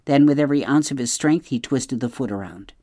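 A middle-aged woman reading a children's novel aloud on radio, expressive and speaking straight to the listener, then signing off as host. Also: rumbling low, brisk, no room sound, studio quality.

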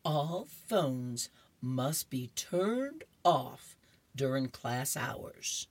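A woman voicing a stern schoolteacher in a comic strip, announcing a rule in a low husky voice. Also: sing-song, drawn-out words, full character voice.

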